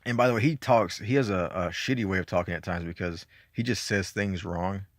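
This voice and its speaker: A man's voice: low-pitched, a little fast, dry recording, clean studio sound. A man with a Southern accent from Georgia, chatting casually and rambling through his movie collection, laid-back and a bit profane. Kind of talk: casual chat.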